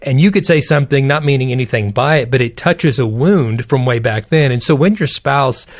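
A man's voice: mid-range voice, a little fast. Male co-host, earnest and explanatory, medium voice. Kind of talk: casual conversational interview.

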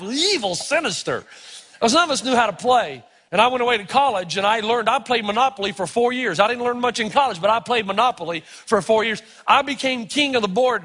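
A middle-aged man preaching a sermon, telling stories with animated, sometimes shouted emphasis. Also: sits high, slightly rough. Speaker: pastor. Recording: long reverb of a large hall.

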